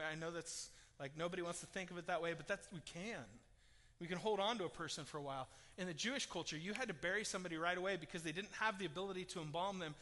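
A man preaching a sermon as a pastor, telling the story with lively swings from loud emphasis to hushed tones. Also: high voice. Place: church hall. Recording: long hall reverb.

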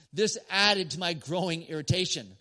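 A man preaching as a pastor, telling a story to a congregation with emphatic pauses and short laughs. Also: high-pitched, bright, forceful tone. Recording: long church hall reverb.

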